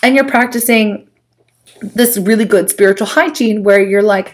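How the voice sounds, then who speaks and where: A woman's voice: medium pitch, normal speed. Chatty woman giving a tarot reading. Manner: chatty, animated, many fillers and acted asides. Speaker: tarot reader. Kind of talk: casual tarot reading to camera.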